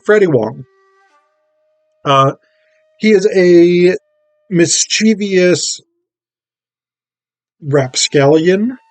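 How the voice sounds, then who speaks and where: A man talks through a film plot at an unhurried, drawn-out pace, filling his pauses with ums and uhs. His delivery is wry and loose. The recording is dry and close, with no room echo. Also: mid-range voice, a little mellow. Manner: rambling, filler-heavy, wry. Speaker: film reviewer. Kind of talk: casual film summary.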